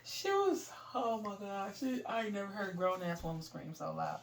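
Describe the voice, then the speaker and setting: A middle-aged woman casually telling a story, animated, laughing and swearing as she goes. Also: medium pitch, fairly quick, far from the mic.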